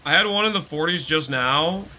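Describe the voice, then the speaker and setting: A man's voice: a little high, animated, normal speed, bright, forceful tone. A man streaming a game live, chatting casually and reading out and answering viewer messages. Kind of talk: casual live-stream commentary while gaming.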